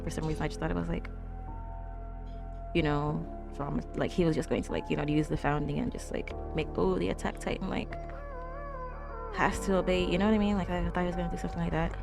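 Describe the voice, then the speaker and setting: A young woman casually commenting on a show as she watches, chatty and quick to exclaim and talk back at the screen. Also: sits low, little pitch movement, vocal fry, music in the background. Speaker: anime reaction host.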